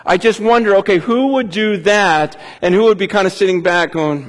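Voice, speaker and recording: A man's voice: sits high, moderate pace. A middle-aged man from California preaching a sermon as a pastor, candid and confessional, with stumbling restarts. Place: church hall. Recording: long hall reverb.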